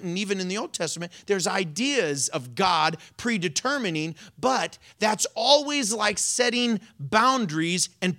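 This preacher's voice sits in the mid range, and his sermon is lively and lighthearted, with bursts of laughter breaking up his explanation of the Bible.

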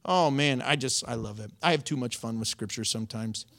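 A pastor giving a sermon in a playful, animated way, often breaking into laughter while explaining scripture. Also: medium pitch, fairly quick, gravelly.

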